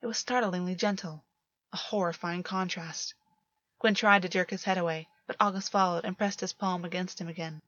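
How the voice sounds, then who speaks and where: A woman narrating a romance story in a steady, measured reading voice. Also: fairly low pitch, no echo. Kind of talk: audiobook reading of fan fiction. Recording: dull lo-fi, dry.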